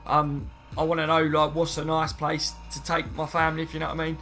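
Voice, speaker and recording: A man's voice: fairly high pitch, completely flat delivery, brisk, bright, forceful tone, faint music behind. A man chatting casually on a live stream, rambling and reading viewer comments aloud, saying "mate" and "you know what I mean" often. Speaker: football fan streamer.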